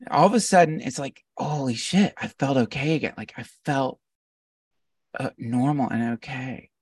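A man, a podcast guest, telling a heartfelt personal story in an animated, earnest way and often laughing. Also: medium pitch, normal speed, breathy edge, no echo, distant mic. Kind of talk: casual storytelling conversation.

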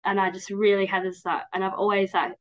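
Crowd noise fills this low-quality recording of a woman in her 30s guesting on a podcast. Mid-range and level in tone, she talks a little fast, candid and rambling at length in casual interview chat, saying "like" and "um" frequently.

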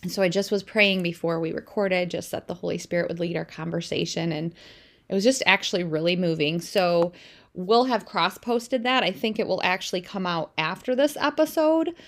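A woman in her thirties co-hosts a relaxed podcast about faith. She talks in a chatty, animated way, moving easily from everyday stories to heartfelt reflection. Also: fairly low pitch, normal speed. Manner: chatty storyteller, warm and animated. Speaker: podcast co-host. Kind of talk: casual faith chat.

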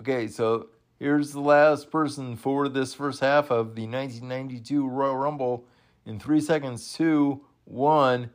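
Man, casual watch-along host, slow delivery, excitable outbursts, laughs, halting fillers. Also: mid-range voice.

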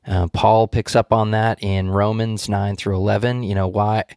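Low-voiced man explaining scripture. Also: level tone, normal speed, darkish tone, clear, resonant tone, no room sound, studio quality. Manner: thoughtful, explanatory, with frequent restarts. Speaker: Bible study co-host. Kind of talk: casual Bible study discussion.

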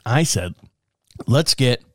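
A man's voice: medium pitch, expressive, slow, a bit bright, dry recording. Rambling, joking man on a dry podcast mic. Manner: rambling, self-mocking, swears and laughs often. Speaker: podcast host. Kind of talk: casual monologue. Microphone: podcast mic, also filmed.

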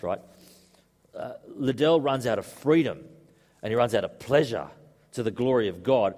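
A man's voice: mid-range voice, a little mellow. A man preaching a sermon to a congregation in a conversational way, mixing in joking asides. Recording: echoey hall reverb.

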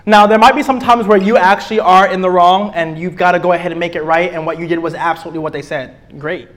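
A man, teaching a class on relationships in an emphatic, preachy way, often slowly repeating key phrases. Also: high voice, steady tone, fairly bright tone. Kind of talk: sermon-style teaching.

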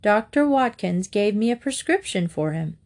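A woman's voice: medium pitch, lively intonation, normal speed, darkish tone. A woman reading a storybook, voicing a worried, fussy mother who asks anxious questions.

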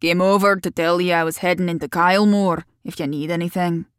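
A woman voicing a gruff, taciturn local man who speaks gently but in clipped, terse phrases. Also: lowish voice, fairly even intonation, brisk, no room sound, studio quality, lightly acted. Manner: terse, clipped dialect speech.

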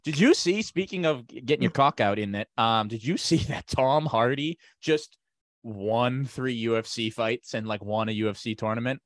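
A man's voice: medium pitch, normal speed, no room sound, studio quality. Man riffing in loose podcast banter. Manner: riffing, animated, slips into voices. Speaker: podcast co-host. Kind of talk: casual banter.

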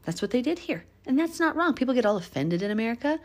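A woman's voice: fairly high pitch, fast. Chatty woman teaching a Bible study. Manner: chatty, laughs often, animated when stressing a point. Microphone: phone.

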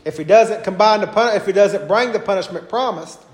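A man's voice: sits high, fairly quick, echoey room. A man teaching a Bible class in a conversational way, with hesitations and homely stories.

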